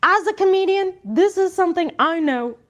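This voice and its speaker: A woman putting on a squeaky, Muppet-like voice to play a parody British late-night comedy host, with slow, exaggerated delivery. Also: animated, fairly bright tone. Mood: snide. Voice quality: squeaky, Muppet-like put-on accent.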